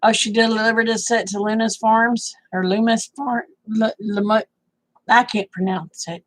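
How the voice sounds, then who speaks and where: An older woman with a drawl chats late at night on her livestream, answering viewers' comments aloud. Her voice sits a little high and she sounds sleepy, yawning as she talks. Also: fairly even intonation, moderate pace, poor audio. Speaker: livestream host. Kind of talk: casual livestream chat.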